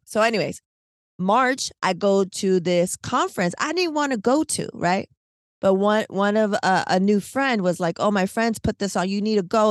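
A woman co-hosting a podcast, telling a long story in casual, animated, slangy chat, full of "like" and "right?". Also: mid-range voice, no room sound, studio quality. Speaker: podcast co-host.

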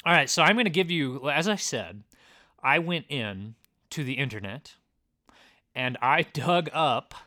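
A man's voice: medium pitch, lively intonation, measured pace, bright, forceful tone. A man co-hosting a podcast, chatting casually and reading out reports in a playful, teasing way. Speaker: podcast co-host.

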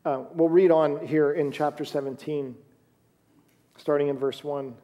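A man's voice: on the high side, steady tone, measured pace, warm tone. A man preaching a sermon in a conversational way, reading scripture aloud as he goes. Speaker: pastor.

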